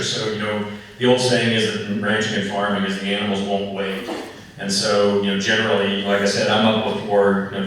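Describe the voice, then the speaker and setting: A man's voice: fairly low pitch, a bit bright. A man telling rambling, folksy anecdotes to an audience as a guest author, full of fillers and asides. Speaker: author speaking at an event. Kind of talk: storytelling talk and Q and A. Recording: roomy echo, voice far from mic.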